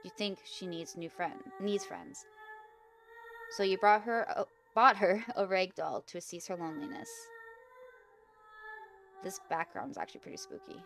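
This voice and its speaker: Young woman, mid-pitched voice, casual gaming host, giggles and trips over words, faint music behind. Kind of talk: reading aloud an interactive horror story game.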